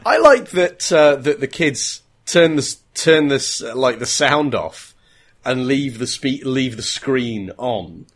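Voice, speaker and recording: A man's voice: mid-range voice, big pitch swings, takes it slowly. A man co-hosting a casual podcast, trading wry jokes and mock voices about a novel. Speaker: podcast co-host.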